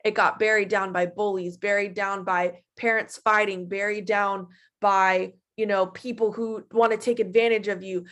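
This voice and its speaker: A woman in her twenties giving a casual, animated motivational talk to her team, chatty and full of feeling. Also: medium pitch, moderate pace, few pauses. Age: 20s. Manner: animated and chatty, acting out her own past voice.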